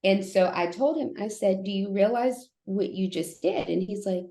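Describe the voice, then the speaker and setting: Animated woman telling a story in a room. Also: medium pitch, normal speed. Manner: animated, acts out quoted voices. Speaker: guest, therapist. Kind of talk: storytelling in a podcast interview. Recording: echoey room.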